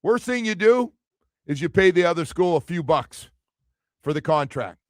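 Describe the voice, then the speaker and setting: A man's voice: a little high, moderate pace, dry recording, studio quality. A man hosting a sports radio show, talking casually and animatedly, acting out quotes as he tells stories. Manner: animated storytelling, acts out quotes.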